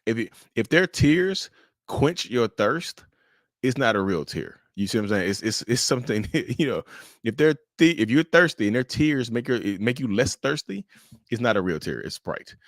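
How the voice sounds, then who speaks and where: A man hosting a casual livestream, animated and joking, often stumbling and restarting as he answers viewers' questions. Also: medium pitch, moderate pace, no room sound, studio quality. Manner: addresses viewers as y'all, answers chat questions. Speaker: livestream host.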